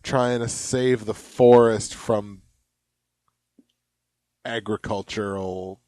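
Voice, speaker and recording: A young man co-hosting a comedy podcast, joking around and reading ads aloud with mock yelling. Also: on the low side, steady tone, drawn-out words, no room sound. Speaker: podcast co-host. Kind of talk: casual comedic chat.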